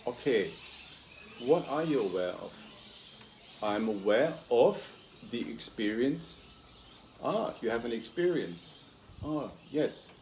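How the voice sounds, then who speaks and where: Guy talking calm and slow-ish, walks you through it step by step, asks questions then answers em, normal pitch. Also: a little hiss or hum. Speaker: host and consciousness coach. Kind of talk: reflective interview talk.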